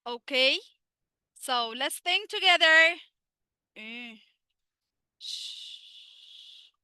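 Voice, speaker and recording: In this live online English class, an Egyptian-accented woman whose first language is Arabic asks questions and then supplies the answers. She speaks English slowly but rattles off Arabic asides fast, her high-pitched voice animated, pushed and bright. There is no room sound.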